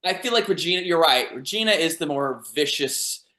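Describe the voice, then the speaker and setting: A man's voice: a little high, lively intonation, a little fast, sharp tone. A man co-hosting a podcast, chatting casually and adding film trivia. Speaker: podcast co-host. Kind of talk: casual chat about a film. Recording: roomy echoey sound.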